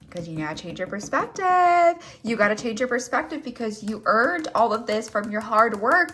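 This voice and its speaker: A woman's voice: a little high, bright, forceful tone. A woman hosting a casual pick-a-card tarot reading, talking straight to her viewers while seated on camera and gushing with affection for them. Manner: gushing and effusive, addresses viewers as "my loves". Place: seated indoors, filming herself.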